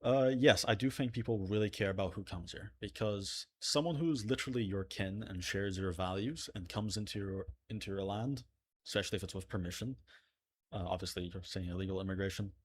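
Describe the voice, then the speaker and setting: A man with a low, husky voice hosts a livestream in loose, casual chat. He reads out donations and tosses in joking asides between his opinions. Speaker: livestream host.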